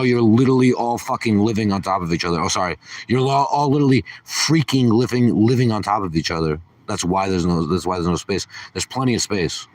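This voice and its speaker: A man's voice: fairly low pitch, recorded from a distance. A man hosting a casual livestream, ranting sarcastically and swearing as he rambles. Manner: sarcastic, profane rambling rant. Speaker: livestream host.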